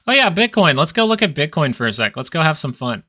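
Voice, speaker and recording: Reading charts on his live stock market stream, a young man thinks out loud in a casual way. His voice is a little high, very animated and quick, with a pushed, bright quality.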